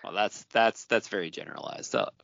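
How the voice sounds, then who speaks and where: A man's voice: lowish voice, brisk, vocal fry, fairly bright tone, no echo. A man co-hosting a podcast in casual chat, blunt, joking and freely swearing, recorded dull and dry. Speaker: podcast co-host.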